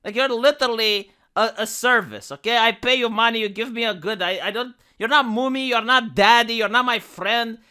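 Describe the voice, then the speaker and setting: A man's voice: very high-pitched, a little fast, hardly any pauses, pushed and bright, clear, resonant tone. A young man ranting sarcastically in a profane, heated commentary video. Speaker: YouTube commentator.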